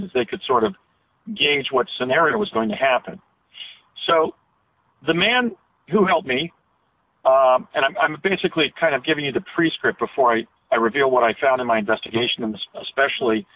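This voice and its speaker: A man with a medium-pitched, slightly rough voice is interviewed as a guest over a tinny phone line. He tells a detailed story, often restarting and correcting himself.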